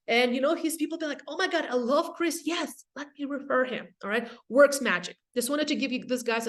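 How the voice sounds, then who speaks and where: A woman from Russia with a Russian accent, giving a casual, energetic webinar talk on real estate, with quick asides to the audience. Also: on the high side. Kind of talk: casual presentation.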